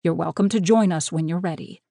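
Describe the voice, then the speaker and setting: A woman's voice: on the low side, fairly quick, creaky, warm tone, dry recording. A woman doing a stern male pack leader. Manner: stiff, clipped.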